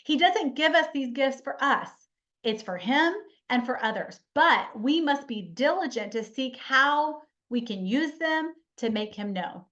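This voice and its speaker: A woman's voice: high-pitched, lively intonation, measured pace, a bit bright. A woman giving an earnest, chatty motivational webinar talk as a life coach, repeating key lines for emphasis. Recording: slightly muffled webinar audio.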